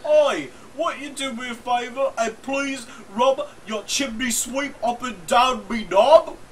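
A man putting on a leering character with an exaggerated fake Cockney accent, shouting and drawing his words out slowly. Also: extremely high pitch, recorded from a distance, noisy background, voice pushed up. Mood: brash. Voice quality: loud, shouting "Oi!" in a drawn-out voice.

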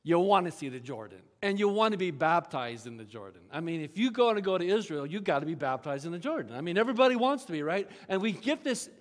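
A male pastor preaching a sermon, telling the story with animated asides and acted-out quotes. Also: sits high. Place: church sanctuary. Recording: church hall reverb.

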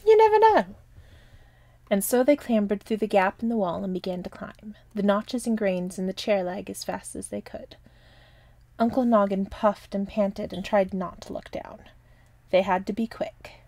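A woman narrating a children's chapter book aloud. She keeps a soft, gentle reading voice, sometimes dropping almost to a whisper. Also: medium pitch, steady tone, moderate pace, dry recording. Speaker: storyteller.

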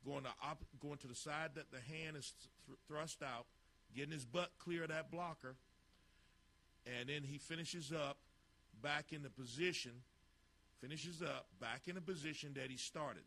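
A football coach talks over practice footage in short, clipped cues, bluntly calling out poor technique. His voice is bright and forceful, with a middle pitch. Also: normal speed. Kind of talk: narrating a drill tape.

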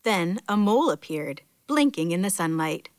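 A woman's voice: fairly low pitch, sing-song, normal speed, no echo, clean studio sound. Woman reading a children's story. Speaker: storytime reader. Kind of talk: children's picture-book read-aloud.

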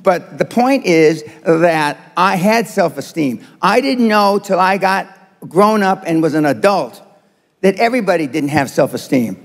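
A man's voice: high voice, animated, unhurried, long reverb tail. A man in his seventies giving a blunt, provocative motivational speech to a live audience, with many hesitant fillers. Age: 70s. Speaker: motivational speaker.

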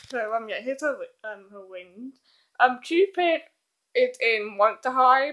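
Her pitch runs fairly high, pushed and bright, as a teenage girl films herself one-handed on a handheld camera in her bedroom. She's giggly and hyper, rambling casually through a review of a doll.

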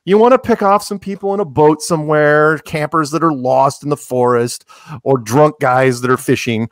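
A man talking casually as a podcast guest, rambling with jokes and animated asides. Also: a little high, a little fast, dry recording, studio quality. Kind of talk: casual interview talk.

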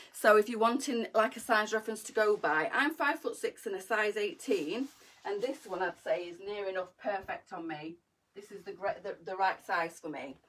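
A woman's voice: medium pitch, a bit bright, slightly rough. A middle-aged woman chatting bubbly to viewers as she models coats on a live shopping stream. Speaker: fashion boutique live seller. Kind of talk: live sales chat to viewers. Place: indoors, live video stream.

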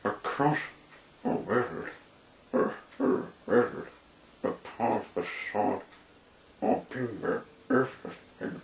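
A man with a mid-range, gravelly voice full of fry reads a storybook aloud extremely slowly and deliberately. The recording sounds roomy and echoey, with faint noise underneath.

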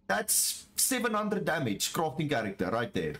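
Excitable guy streaming a game, chatting with viewers, voice swings low to high a lot, keeps repeating himself. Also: measured pace. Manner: excitable, repeats phrases, talks to chat; jumps from low murmurs to high excited shouts. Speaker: gaming streamer. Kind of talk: live gameplay commentary.

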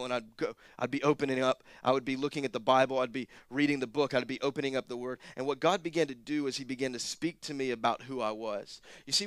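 A man preaching a sermon as pastor, moving between conversational asides and loud, rising emphasis. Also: medium pitch, no room sound, studio quality. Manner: animated preaching, rising to near-shouted emphasis, with quick asides.

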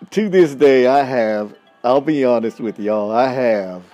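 A man's voice: medium pitch, dark tone. A man hosting a podcast, telling stories in a blunt, folksy, casual monologue and laughing often. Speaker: podcast host.

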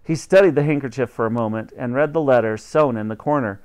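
A man reading a children's novel aloud chapter by chapter for students, expressive and animated. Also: mid-range voice, quick pace, clear, resonant tone. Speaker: audiobook reader for students.

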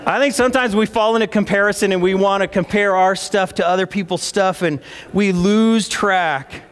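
Pastor guy preaching, chatty, asks the crowd stuff, fairly high voice, long church echo. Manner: conversational, asks the congregation questions. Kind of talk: sermon. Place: church sanctuary. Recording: long reverb of a church hall.

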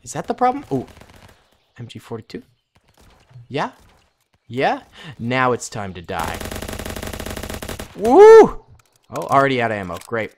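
Excitable man with lively jumping pitch. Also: normal speed, long pauses, a little hiss or hum. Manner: excitable, jokey, bursts into yelps. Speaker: gaming YouTuber. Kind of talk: gameplay commentary.

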